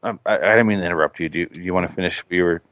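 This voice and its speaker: A man hosting a podcast, telling stories in casual chat, animated and full of swearing. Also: sits low, very fast, no room sound. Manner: profane, animated storyteller. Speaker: podcast host. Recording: dull lo-fi podcast audio.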